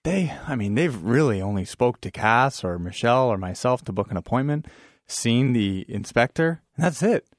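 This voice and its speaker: A man's voice: medium pitch, lively intonation, moderate pace, no room sound, clean studio sound. A man appearing as a guest on a radio show, talking casually about his company in a rambling way with many fillers. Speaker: business owner as radio guest. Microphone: studio microphone.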